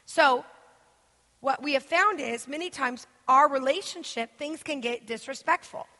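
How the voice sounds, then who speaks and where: A woman giving an interactive teaching sermon as a guest speaker, animated, asking the audience questions and acting out quoted voices. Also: high voice, a little slow. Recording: echoey hall.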